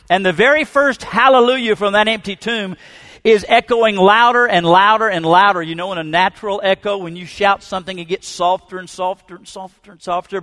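Fervent preacher with a higher voice. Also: male voice, fairly bright tone. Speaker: pastor. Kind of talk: sermon. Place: church sanctuary.

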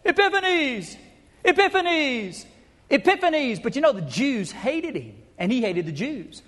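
A man delivers a sermon in a folksy, emphatic way, often addressing his listeners directly. His voice sits high for a man. A long hall reverb trails behind his words. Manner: folksy, emphatic, acts out crowd chants. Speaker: preacher. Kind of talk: sermon teaching.

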